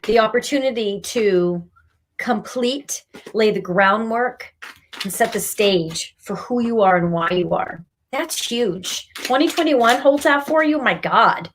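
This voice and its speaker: Speaking slowly in a slightly high, expressive voice, a woman who works as a spiritual reader and meditation host runs a live card reading. Her tough-love delivery is emphatic and scolding, broken up with laughs, and there is a little hiss or hum on the recording.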